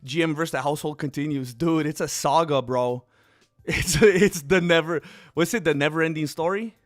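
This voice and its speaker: Excitable young-sounding streamer guy. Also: fairly high pitch, normal speed, faint music behind. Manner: rambling, excitable, calls viewers dude and bro. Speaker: streamer host. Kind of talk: casual livestream chat.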